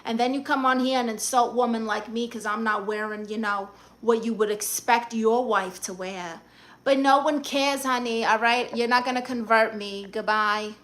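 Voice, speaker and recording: A man's voice: very high-pitched, steady tone, moderate pace. A man playing a sassy, flirty middle-aged aunt with a Spanish accent, hosting a live-stream comedy chat in a brassy, teasing, dramatic way. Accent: Spanish-accented English. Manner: brassy, teasing, dramatic, greets fans warmly. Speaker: livestream host.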